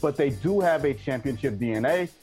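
A man's voice: medium pitch, expressive, a little fast, a little mellow. A man giving brash, emphatic basketball opinions as a guest on a sports talk show, with faint music behind. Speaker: guest analyst.

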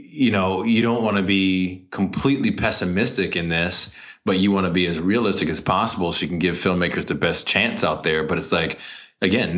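Very deep-voiced man chatting animatedly. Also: fairly bright tone, muffled recording. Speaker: podcast co-host. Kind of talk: casual podcast chat.

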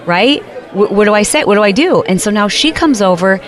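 A woman hosts a talk show and tells a story in a casual, animated voice. She slips into quick put-on voices for the people in her story, and a faint crowd murmur sits behind her. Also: mid-range voice. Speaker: podcast host.

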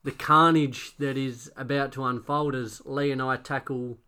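A man co-hosting a casual sports podcast, relaxed and full of fillers. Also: medium pitch, measured pace, clean tone. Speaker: podcast co-host.

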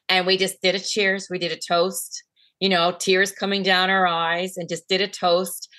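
A woman's voice: lowish voice, level tone, unhurried, sharp tone. A woman hosting an interview, talking casually with lots of "like" and "you know" and getting emotional over a memory. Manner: gets emotional telling a memory. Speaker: podcast host.

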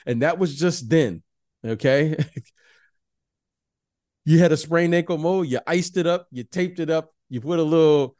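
A middle-aged man, once a pro basketball player, co-hosts a casual sports chat. He keeps addressing his co-host by name and stammers through restarts with a chuckle. His voice sits a little high, recorded dry and close. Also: a little slow, long pauses, a little mellow, no echo.

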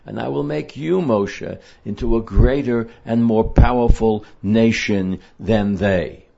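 A man's voice: fairly low pitch, slow pace, creaky, mellow. A man teaching a Torah portion lesson in an earnest, emphatic way, reading Hebrew verses and translating them. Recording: dull lo-fi recording.

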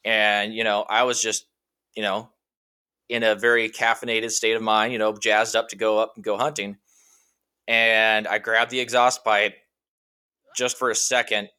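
A man's voice: fairly low pitch, normal speed, clean tone. A man telling a long, rambling personal story in casual conversation, full of fillers like "you know" and "like". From Washington state. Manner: rambling, animated anecdote with many fillers. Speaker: guest.

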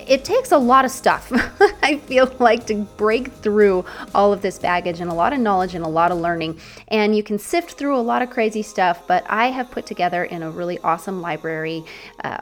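A young adult woman hosting a solo faith podcast, talking to her listener in an earnest, encouraging, chatty way. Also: medium pitch. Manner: chatty with filler words.

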